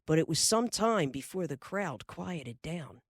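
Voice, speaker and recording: A woman's voice: sits low, lively intonation, unhurried, no room sound, clean studio sound, heavily acted. A woman voicing a hearty middle-aged frontier father telling a tale in a folksy drawl. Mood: lively.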